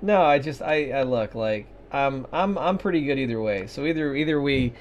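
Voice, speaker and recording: A man's voice: mid-range voice, expressive, moderate pace, slight background noise. A man co-hosting a podcast, chatting casually with sarcasm, swearing and lots of fillers. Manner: sarcastic, rambling with fillers and mock voices. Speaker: podcast co-host. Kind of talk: casual profane banter. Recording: dull lo-fi podcast audio.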